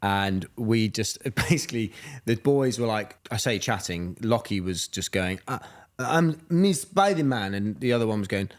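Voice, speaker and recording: A man's voice: lowish voice, moderate pace. A man in his thirties, a podcast co-host, chatting casually and telling a story with frequent laughs. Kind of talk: casual chat.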